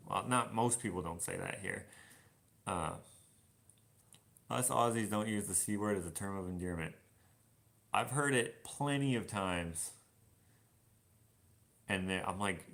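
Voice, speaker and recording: A man's voice: on the low side, normal speed, creaky, long pauses, a bit bright. A young man doing a casual live Q&A while washing dishes in his kitchen. He rambles, reads viewer comments aloud and muses on them. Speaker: vlogger answering live questions.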